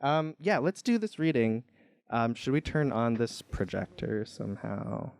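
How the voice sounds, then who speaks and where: A man's voice: mid-range voice, very animated, measured pace, creaky, darkish tone. Young man reading aloud, lots of ums. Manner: casual, hesitant with frequent ums. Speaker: author. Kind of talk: bookstore reading of his own picture book. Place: bookstore event room.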